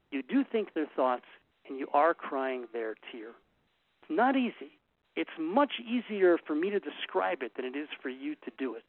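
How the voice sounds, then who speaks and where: Earnest, gravelly man on tinny radio. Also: sits high. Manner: emphatic, earnest, storytelling. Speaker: relationship speaker. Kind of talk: talk to a group. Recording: tinny phone-like radio sound.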